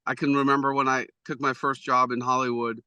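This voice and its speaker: Guy producer talking over a video call, bright tense tone, dry close sound, keeps restarting sentences. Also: medium pitch, little pitch movement, brisk, smooth, dry recording. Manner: rambling, restarts often, self-deprecating. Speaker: executive producer guest. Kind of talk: conversational interview answers.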